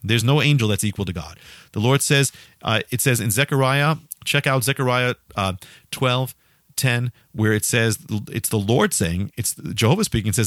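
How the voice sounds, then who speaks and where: A man preaching in an emphatic, insistent way, circling back and asking his listeners questions. His voice sits at an ordinary middle pitch. The sound is dry and close, with no room behind it. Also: normal speed, fairly bright tone, no room sound. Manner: emphatic, repetitive, often restarting phrases and asking the listener questions. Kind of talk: sermon.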